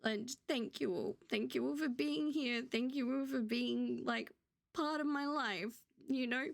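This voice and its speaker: Woman streamer, chatty and candid, voice sitting a little high; warm gushing thanks to her viewers. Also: measured pace, vocal fry. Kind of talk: casual live-stream chat.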